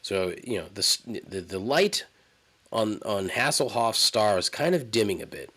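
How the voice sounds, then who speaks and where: A man's voice: fairly low pitch, expressive, normal speed, sharp tone, breathy edge. A man hosting a solo podcast, telling a story in a rambling, profane, incredulous way. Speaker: podcast host. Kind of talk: casual solo monologue.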